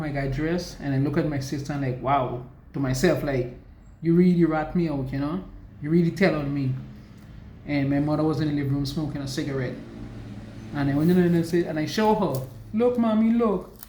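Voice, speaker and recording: A woman recounts her own story in a halting way, stopping to restart her sentences and slowing down when it gets heavy. Her voice rings around an echoey room, with a faint hum behind it. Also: deep voice, fairly even intonation, warm tone. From US Virgin Islands. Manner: halting, with restarts and slow emotional stretches. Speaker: survivor sharing her story. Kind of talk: personal testimony.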